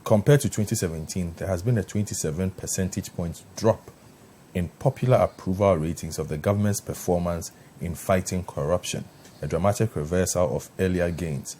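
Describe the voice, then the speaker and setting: Man, TV talk show host, very low pitch, probing questions, faint background noise. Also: dark tone. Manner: probing, reads figures out deliberately. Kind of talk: moderating a panel discussion. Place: TV studio.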